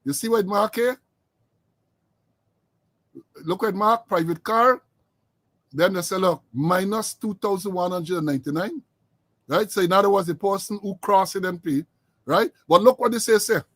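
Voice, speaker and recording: A man's voice: high voice, normal speed, pauses often, a bit bright, no room sound. A middle-aged Guyanese man hosting a political commentary show, talking with sarcasm and mockery. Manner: sarcastic, mocking. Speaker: host.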